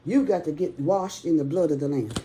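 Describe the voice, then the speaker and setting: A woman's voice: low-pitched, fairly quick, mellow, slight background noise. A woman, preaching on a prayer call and singing hymn lines, near tears at times, in short bursts with many "okay?".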